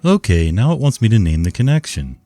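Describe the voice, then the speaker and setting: A man voicing a slow, dim-witted male office worker in a drawling, turtle-like voice. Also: lowish voice, big pitch swings, warm tone, no room sound, faint music behind. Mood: slow, cheerful.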